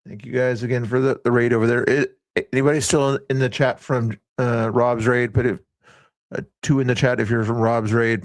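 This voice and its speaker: Livestream host, rambling casual chatter, dry close mic. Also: male voice, mid-range voice, no echo. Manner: rambling, chatty, reads chat aloud.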